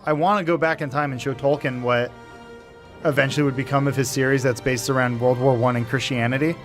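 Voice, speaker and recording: A man's voice: medium pitch, steady tone, brisk, faint music behind. A man in casual banter with friends while gaming, rambling and tripping over his words. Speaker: gaming group member.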